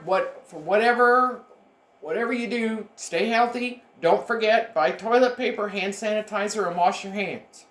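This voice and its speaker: A middle-aged woman giving a recorded online lecture to her students as a university education instructor, emphatic and direct, repeating her key points. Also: medium pitch. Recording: echoey room.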